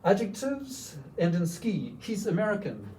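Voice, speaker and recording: A man giving a lively teacher workshop, demonstrating foreign words and sounding them out for the room. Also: high voice, measured pace, far from the mic, a little hiss or hum, poor audio. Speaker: workshop presenter. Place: lecture room.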